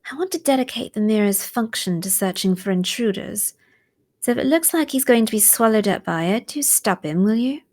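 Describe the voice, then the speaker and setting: A woman's voice: on the high side, animated, fairly quick, darkish tone. A woman reading as an icy young witch. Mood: cold. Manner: curt and icy. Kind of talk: reading a visual novel aloud.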